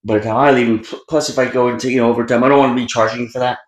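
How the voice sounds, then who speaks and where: A man's voice: mid-range voice, fairly even intonation, racing. A man chatting casually with a profane, joking manner. His voice sits in the middle range. The sound is roomy and echoey. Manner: profane, joking, quotes people in put-on voices. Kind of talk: casual comedic chat.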